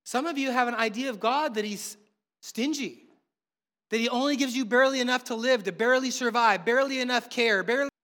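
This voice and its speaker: A man's voice: extremely high pitch, brisk, fairly bright tone, big-room sound. A middle-aged man from the United States preaching a sermon in a conversational way, weaving in humorous family stories. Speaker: pastor.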